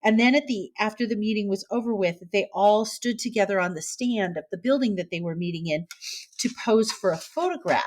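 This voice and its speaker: A woman's voice: mid-range voice, brisk, darkish tone, a little hiss or hum. A woman co-hosting a casual news podcast, talking in a chatty way with restarts and fillers. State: tearful. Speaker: podcast co-host.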